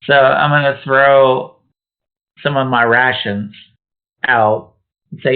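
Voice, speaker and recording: A man with a gravelly, slow drawl, blunt and wry as a tabletop player. He comes through a tinny, phone-like voice chat line. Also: medium pitch, fairly even intonation. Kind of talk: tabletop game play over voice chat.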